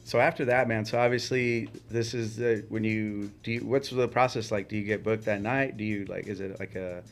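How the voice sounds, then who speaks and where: A man interviewing a guest in casual conversation, asking halting questions with short reactions. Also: fairly low pitch, steady tone, creaky, soft background music.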